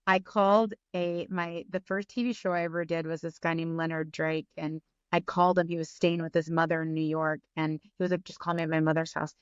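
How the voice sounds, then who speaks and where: A woman guest in a casual podcast interview, chatting in an animated, storytelling way. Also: fairly low pitch, fairly quick, hardly any pauses, clean tone, no echo, dull audio. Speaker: actress guest.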